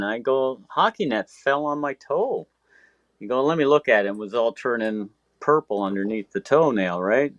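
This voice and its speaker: A man's voice: mid-range voice, moderate pace, no room sound, highs cut off. A man in his sixties telling stories in casual chat, swearing freely and acting out what people said. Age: 60s. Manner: profane, animated storyteller acting out quotes.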